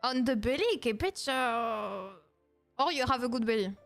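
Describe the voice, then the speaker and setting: French woman streamer, young, high-pitched, playful and mock-outraged, quick to laugh, faint music underneath. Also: animated, creaky. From France. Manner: playful, mock-indignant, laughs often, broken English phrasing. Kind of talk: casual react-stream chat.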